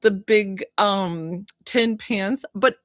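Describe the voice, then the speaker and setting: A woman's voice: mid-range voice, very slow, no echo, studio quality. A woman working as a psychic medium, chatting through a live reading with many "like" fillers.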